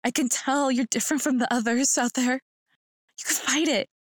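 A woman's voice: on the low side, a little slow, no room sound, studio quality, voice pushed down, lightly acted. A woman voicing a frightened older man, a grieving father, who speaks shakily and pleads. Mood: pleading. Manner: shaky, pleading.

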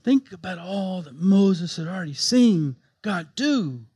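A pastor with a high voice delivers a sermon. He drops to soft, quiet reassurance, then rises into emphatic, impassioned stretches, pressing each point. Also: lively intonation, unhurried, husky. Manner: impassioned preaching that swings from hushed to emphatic.

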